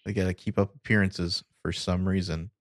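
A man co-hosting a podcast in casual chat, recapping scenes in a loose, relaxed way with wry asides. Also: sits low, brisk, no echo, studio quality. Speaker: podcast co-host.

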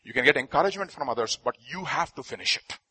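A man preaching a sermon with a husky voice, stressing key phrases and repeating them. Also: medium pitch, lively intonation, fast talker, bright, forceful tone, no echo. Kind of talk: sermon with storytelling.

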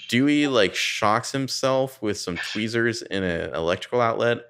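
A man's voice: medium pitch, expressive, a little slow, fairly bright tone, clean tone. A man in casual chat, recapping a film with profane, sardonic asides and rambling digressions.

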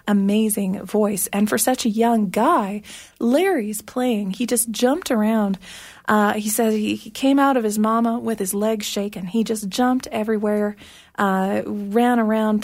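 A woman radio host chatting casually between songs, rambling with plenty of fillers, her voice a little hoarse. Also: medium pitch, darkish tone. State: slightly hoarse, losing her voice.

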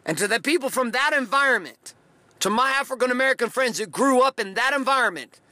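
A man with a high, bright, forceful voice gives a blunt motivational monologue. He drives his points home with repeated phrases. The recording is dry and close. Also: animated, fast, no room sound.

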